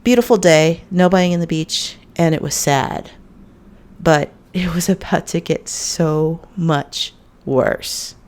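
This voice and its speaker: An American woman hosting a podcast tells a story in a casual monologue, speaking bluntly, profanely, and conversationally. Her low voice is slow and a little mellow.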